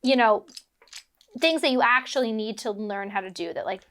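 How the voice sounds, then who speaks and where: A woman's voice: a little high, normal speed, a bit bright. A woman from Philadelphia, a guest actress chatting casually while building bricks, rambling with lots of fillers and laughing at herself when she gets distracted. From Philadelphia, United States.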